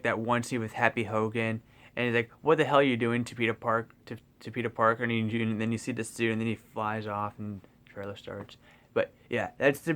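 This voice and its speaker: A young man talks through a movie in a loose, rambling way, tripping over restarts and fillers. He sounds excitable and drops the odd swear. His voice sits at an ordinary middle pitch. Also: smooth. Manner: swears casually. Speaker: movie vlogger. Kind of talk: casual spoiler review.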